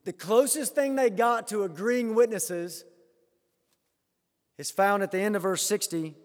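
A man preaching a sermon as a pastor, swinging between loud emphatic rises and quiet hushed lines. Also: sits high, measured pace, in a large hall.

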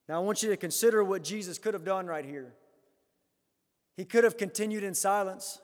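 A man preaching a sermon as a pastor, swinging between loud emphatic rises and quiet hushed lines. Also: sits high, brisk, big-room sound.

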